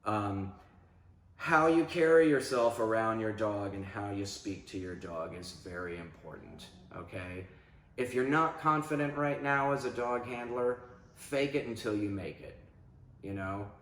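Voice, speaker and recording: A lower-pitched man talking through dog training in a relaxed, conversational way. Every so often he breaks into loud, animated demonstrations of commands. The sound is echoey, as if recorded in a reverberant room. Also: unhurried. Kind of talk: casual instructional talk.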